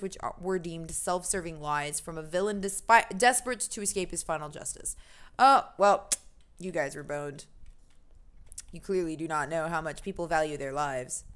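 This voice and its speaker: A woman's voice: lowish voice, fairly bright tone. A young American woman streaming a game, reading the game's text aloud and chatting in a rambling, self-deprecating way.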